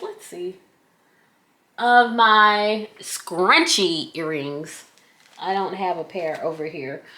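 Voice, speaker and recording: Lively, bright-voiced Southern woman vlogger. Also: mid-range voice. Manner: chatty and playful, breaks into little sing-song bits. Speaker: scrunchie shop owner reviewing a product. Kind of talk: casual product review vlog.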